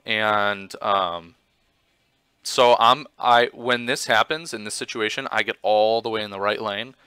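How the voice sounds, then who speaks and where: A man casually commenting on his own motorcycle footage, rambling with lots of fillers and getting excited as he retells it. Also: lowish voice, unhurried, smooth, dry recording. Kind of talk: casual commentary over video.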